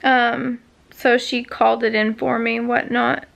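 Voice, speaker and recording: A woman's voice: on the high side, flat delivery, measured pace, creaky, a bit bright. A woman vlogger chatting casually, telling a long story with many fillers and asides. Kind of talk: casual chat.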